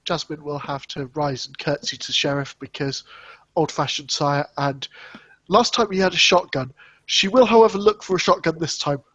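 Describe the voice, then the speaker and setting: A man player in a tabletop role-playing game, describing his character's actions in an animated way. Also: fairly high pitch, moderate pace, slightly rough, highs cut off.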